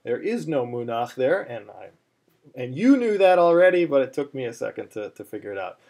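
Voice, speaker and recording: A man's voice: mid-range voice, big pitch swings, fairly quick, gravelly, darkish tone. A man teaching a chanting lesson, explaining step by step with many fillers and restarts, now and then breaking into chant. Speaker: cantillation teacher.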